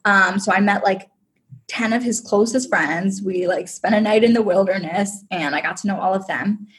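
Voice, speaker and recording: A woman's voice: mid-range voice, normal speed, a bit bright. A woman, a podcast guest, telling a personal story in a chatty, emotional way, with lots of "like". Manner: chatty, heavy use of "like", emotional.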